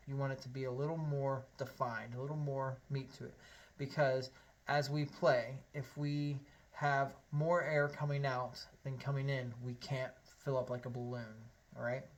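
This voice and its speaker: A man teaching a harmonica lesson, explaining step by step in a friendly way and counting beats aloud. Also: mid-range voice. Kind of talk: online music lesson.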